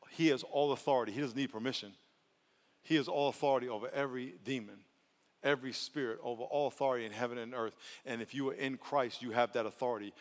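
A male pastor preaching a lively, playful sermon that swings from soft asides to loud outbursts. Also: mid-range voice. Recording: long hall reverb.

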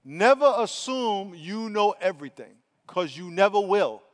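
A man with a high voice preaches a sermon, chatting with his listeners and then pressing his points hard. He acts out little quoted exchanges along the way. His voice rings with the long reverb of a large hall. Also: expressive, a little slow. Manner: conversational, emphatic preaching with acted-out quotes. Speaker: pastor.

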